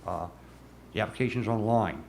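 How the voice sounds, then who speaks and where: A man's voice: lowish voice, normal speed, slight background noise. Emphatic New man at a council meeting. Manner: emphatic, repeats words when pressing a point. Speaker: city commissioner.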